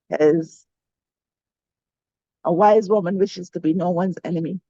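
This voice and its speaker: A woman from Jamaica with a Jamaican accent, co-hosting and reflecting calmly and earnestly. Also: mid-range voice, no echo, dull audio. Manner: calm, earnest, measured. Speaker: co-host. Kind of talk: reflective talk.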